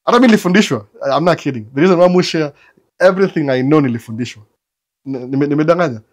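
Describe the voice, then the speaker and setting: A man's voice: on the high side, animated, racing. Chatty Kenyan man, casual livestream. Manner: code-switching, chatty, stammering restarts. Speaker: livestream host answering viewers.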